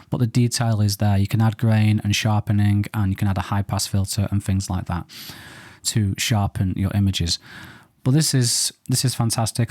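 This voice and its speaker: A man with a low, slightly mellow voice hosts a photo reaction show, recorded at studio quality with no room sound. He casually comments on viewer photos, thinking aloud with playful banter.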